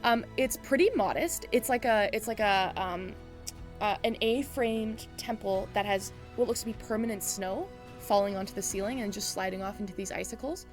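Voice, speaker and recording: A woman with a medium-pitched voice speaks at a moderate pace over soft background music. As game master of a tabletop game, she describes scenes to her players in a loose, casual way, full of "um"s and "like"s.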